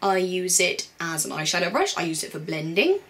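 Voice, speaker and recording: Young woman, beauty vlogger, bubbly and chatty, slightly low voice. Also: sing-song, brisk, fairly bright tone. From Britain. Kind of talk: casual chat.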